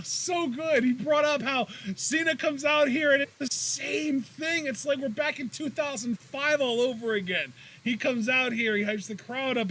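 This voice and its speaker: An excitable man co-hosting a wrestling review show, talking in a high, bright voice. He laughs easily and swears freely. A faint hum of room noise sits under his voice. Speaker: podcast co-host. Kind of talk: casual wrestling review chat.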